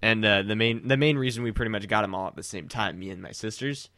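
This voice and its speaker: A man's voice: fairly low pitch, quick pace, pushed and bright, no echo, studio quality. A young man in casual chat with a friend, teasing and rambling with many restarts. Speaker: friend chatting.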